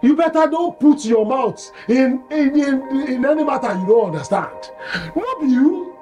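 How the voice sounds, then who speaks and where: An actor with a Nigerian Pidgin accent playing a harsh village elder who scornfully accuses a widow and shouts his demands. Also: very high voice, animated, moderate pace, muffled recording, faint music behind. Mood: accusing. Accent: Nigerian Pidgin English.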